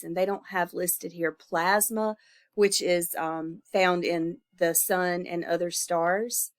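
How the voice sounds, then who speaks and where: A woman instructor records a lecture with a stuffy, congested voice from being ill. She speaks informally, on the low side, with fillers and self-corrections.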